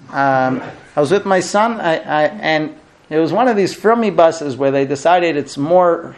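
A middle-aged man teaching a recurring class as a rabbi, telling funny stories and acting out the quoted lines. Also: fairly high pitch. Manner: animated storyteller, acts out quoted dialogue. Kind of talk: lively classroom lecture with humor.

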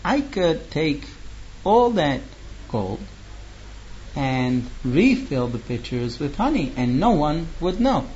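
Greedy schemer, quick and dismissive, voiced by a male storyteller, fairly high voice, lo-fi sound. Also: expressive, slight background noise. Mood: scheming. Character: scheming greedy middle-aged man, brushing off blame. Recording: dull lo-fi recording.

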